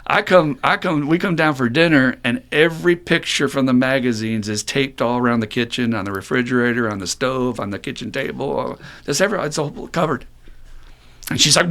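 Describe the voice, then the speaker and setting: Blunt, profane middle-aged man on a podcast. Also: moderate pace. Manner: blunt, profane, animated storytelling; acts out quoted voices in a raised pitch. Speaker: podcast co-host. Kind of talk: casual podcast talk.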